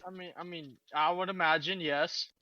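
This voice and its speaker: A man joking around on a casual podcast, riffing on his friend's story. His voice is bright and a bit high. The recording is dull and lo-fi. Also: fairly even intonation, normal speed, dry recording. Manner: jokey, riffs on the story. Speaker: podcast co-host. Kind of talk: casual chat.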